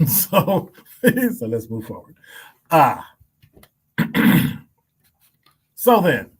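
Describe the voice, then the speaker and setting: A man's voice: mid-range voice, sing-song, takes it slowly, pauses often, breathy edge. A male radio host giving blunt opinion commentary, emphatic and wry, stacking up rhetorical questions. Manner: blunt, wry asides and chuckles.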